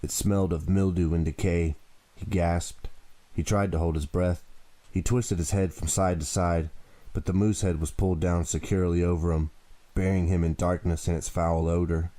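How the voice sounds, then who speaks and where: Deep voiced guy reading a thriller audiobook, steady and dramatic, dry close mic. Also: no room sound. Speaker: audiobook narrator.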